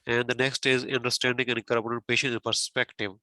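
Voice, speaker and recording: A man talks a learner through feedback on a practice speaking exam, patient and methodical, explaining point by point. His voice is bright and of middling pitch, and he fills the gaps with "okay" and "you know". The recording is dry and close. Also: flat delivery, fast talker, no room sound, rough recording. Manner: repeats "okay" and "you know" often, many fillers; patient, explains step by step with everyday examples. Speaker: tutor giving exam feedback.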